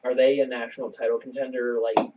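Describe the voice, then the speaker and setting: A man hosting a casual sports podcast, laid-back and quick with short agreements. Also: medium pitch, flat delivery, recorded from a distance, narrow, tinny audio, background noise. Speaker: podcast host.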